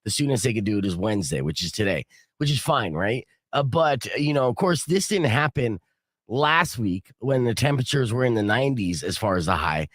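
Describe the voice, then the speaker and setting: A man's voice: medium pitch, a little fast, no echo, clean studio sound. A man hosting a casual morning radio show, telling a story and acting out the people in it. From Arizona. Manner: animated storyteller, acts out quotes loudly. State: sick with a cold.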